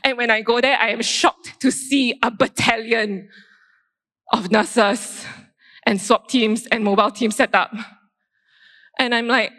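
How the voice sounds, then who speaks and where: Animated woman telling a testimony. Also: a little high, moderate pace. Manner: lively storytelling, acting out her own reactions. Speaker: doctor giving a personal testimony. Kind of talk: faith testimony talk. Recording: long reverb in a large hall.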